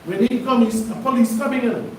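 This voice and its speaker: A man's voice: very high-pitched, a little fast, a little mellow, a little hiss or hum. A man from Jamaica, preaching a sermon in a casual, storytelling way. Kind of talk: sermon teaching. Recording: echoey room, voice from far off.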